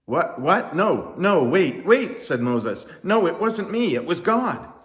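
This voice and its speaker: A man's voice: mid-range voice, big pitch swings, slow pace, pitched above the performer's own voice. Man playing an exasperated storybook leader, raised and emphatic, in an echoey room. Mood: insistent. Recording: roomy echo.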